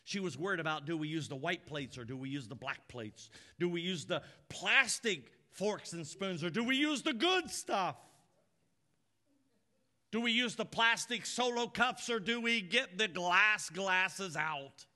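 A male pastor preaching a conversational sermon, often dropping soft and low for emphasis. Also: expressive, a little slow.

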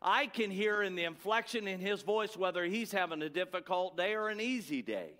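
Fairly high-voiced pastor preaching. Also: male voice, expressive, brisk. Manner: emphatic preaching with repeated refrains, dropping to soft, quiet endings. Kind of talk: sermon.

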